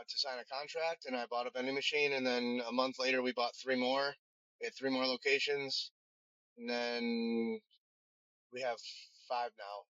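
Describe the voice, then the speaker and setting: A man's voice: mid-range voice, bright, forceful tone, dry recording. A man, a firefighter who runs a vending business, telling his story in a casual interview with many restarts and fillers. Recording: dull, lo-fi sound.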